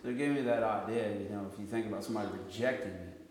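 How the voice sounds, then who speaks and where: A man's voice: on the low side, racing, a little hiss or hum. Guy telling a story to a group, lots of restarts, big echoey room, long reverb. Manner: animated storytelling, often restarts sentences. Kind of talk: casual group discussion.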